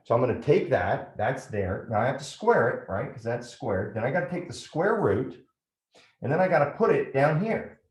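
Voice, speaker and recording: A man's voice: mid-range voice, big pitch swings, normal speed, reverberant. A man teaching a math lesson step by step, often checking in with "right?". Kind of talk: classroom lecture at a whiteboard.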